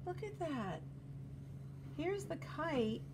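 A woman voicing a small, gentle male mole in a storybook reading, soft and wondering, over a steady hum. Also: sits high, very slow, pitched above the performer's own voice, full character voice.

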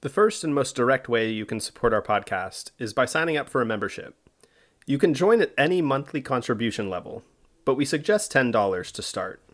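A man's voice: mid-range voice, big pitch swings, fairly quick. Man narrating history on a podcast. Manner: reads prepared narration steadily, then banters loosely. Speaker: podcast host and storyteller. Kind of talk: scripted history narration mixed with casual chat.

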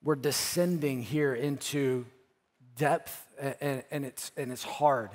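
A man preaching a sermon as pastor, earnest, repeating phrases, rising to emphatic peaks and dropping to soft, quiet lines. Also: mid-range voice, fairly even intonation, slow pace. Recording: church hall with long reverb.

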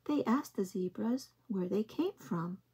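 Woman, storytime reader, picture books for young children, slow, soft breathy voice. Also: medium pitch. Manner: slow, gentle, expressive read-aloud. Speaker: early-years storytime reader.

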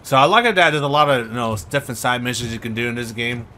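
Bright-voiced man doing casual game commentary. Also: medium pitch, fast talker. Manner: chatty, laid-back, lots of "like" and "you know". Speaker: gaming channel host. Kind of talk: casual let's-play commentary.

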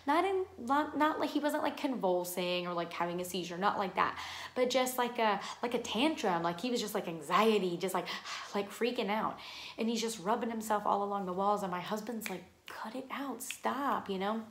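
A woman's voice: medium pitch, brisk, a little hiss or hum. A woman telling her own spooky story to camera in a casual, rambling way, full of "like" and "um". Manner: rambling, heavy use of "like" and "um". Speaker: vlogger telling her own paranormal stories. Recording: echoey room.

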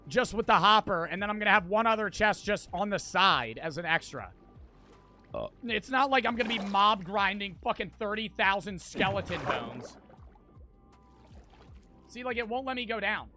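A young man with an American accent, streaming a game live and talking to his chat, profane and quick to get frustrated. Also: sits high, expressive, pushed and bright, faint music behind. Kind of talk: casual livestream gameplay chat.

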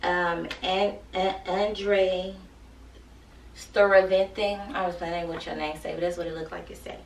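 A woman's voice: on the low side, little pitch movement, measured pace, far from the mic, slight background noise. Woman, beauty vlogger, sore throat, playful teasing chat, echoey room. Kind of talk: casual chat to viewers.

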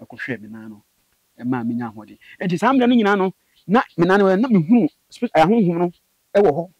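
A man recounting a personal spiritual experience as an interview guest, in animated storytelling that jumps into high bursts. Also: fairly quick, slightly rough, no echo, lo-fi sound. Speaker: guest telling his story. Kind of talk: personal testimony in conversation.

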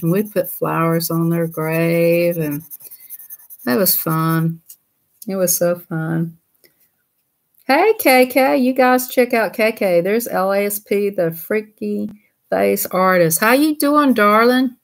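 A woman's voice: mid-range voice, slow pace, gravelly. A woman hosting a casual livestream. She talks in a folksy, chatty way and laughs easily. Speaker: livestream host.

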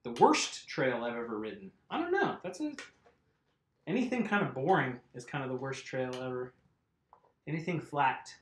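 A man's voice: medium pitch, big pitch swings, normal speed. A man hosting a casual live stream, chatting and laughing with viewers while he works on a bike tire. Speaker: mountain bike video host. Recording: echoey room.

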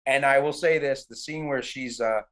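At a moderate pace and medium pitch, a middle-aged man tells the story of a film shoot casually during a podcast interview. He animatedly acts out his own quotes and says "like" frequently.

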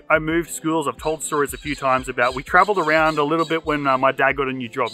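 A man presenting a children's show, telling a personal story in an animated way. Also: on the high side. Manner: animated, acts out remembered voices.

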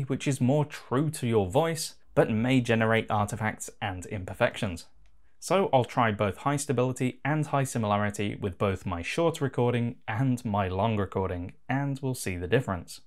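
Relaxed man walking through a tutorial. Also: fairly low pitch. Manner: relaxed, casual explaining. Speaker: tutorial host. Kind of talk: software tutorial voice-over.

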